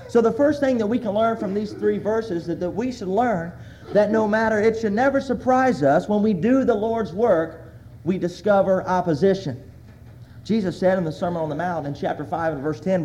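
A man's voice: sits high, brisk, dark tone. A man preaching a sermon as a pastor, earnestly reading scripture aloud with emphasis.

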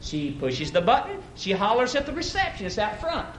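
A man's voice: sits high, huge pitch swings, moderate pace, hardly any pauses, a little hiss or hum. Folksy preacher man in an echoey hall. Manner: folksy, emphatic, acts out characters. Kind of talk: sermon with storytelling. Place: church service.

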